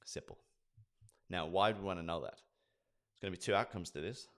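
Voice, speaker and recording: A man with a notably deep voice teaches sales staff how to book meetings. He talks with energy and slips into acted role-plays of client conversations. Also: moderate pace. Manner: energetic, acts out sales dialogues. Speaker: sales trainer. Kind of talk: instructional talk with acted role-play.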